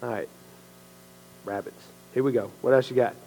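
A man with a gravelly voice and a middle pitch preaches in an easygoing, conversational way. He keeps checking in with his listeners, and his voice rings with a long echo from the hall around him. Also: moderate pace, slight background noise. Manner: conversational, animated, uses "bro" and "right?". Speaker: lay preacher and coach. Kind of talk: casual sermon to a small group. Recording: echoey hall with long reverb.

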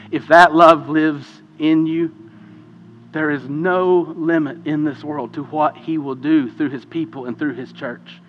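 A man's voice: on the high side, muffled recording, slight background noise. Impassioned preacher man, echoing hall. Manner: impassioned, swings from hushed to loud. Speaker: pastor. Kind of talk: sermon. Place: church sanctuary. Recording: long hall reverb.

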